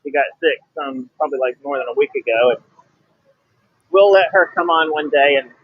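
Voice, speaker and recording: A man's voice: fairly high pitch, a little fast, narrow, tinny audio, slight background noise. A man co-hosting a casual livestream while riding his motorbike, chatty and laughing often. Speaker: livestream co-host. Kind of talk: casual chat. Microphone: camera on a bike mount.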